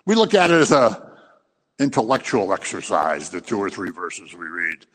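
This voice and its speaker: Man, sermon, impassioned, scolding, lively rising and falling pitch, long hall reverb. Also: normal speed. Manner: impassioned, scolding, acts out little scenes. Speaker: preacher.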